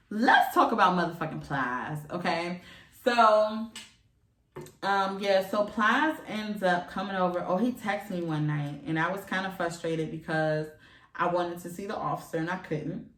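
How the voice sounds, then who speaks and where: A woman's voice: lowish voice, fairly bright tone, roomy sound, recorded from a distance. A young woman in her twenties telling a frank personal story to her viewers, emphatic and profane. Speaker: vlogger. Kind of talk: candid storytelling. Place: room at home, seated.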